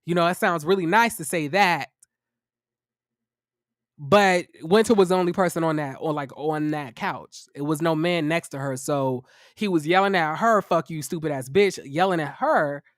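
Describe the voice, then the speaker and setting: A man hosting a livestream review of a reality show, tired, talking casually to his viewers in a profane, incredulous, animated way. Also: fairly high pitch, moderate pace, dry recording, studio quality. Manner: chatty, addresses viewers as y'all.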